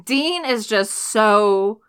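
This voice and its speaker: A woman's voice: mid-range voice, expressive, extremely slow, fairly bright tone, clear, resonant tone. A woman co-hosting a casual podcast, talking animatedly about a TV show, swearing often and laughing a lot.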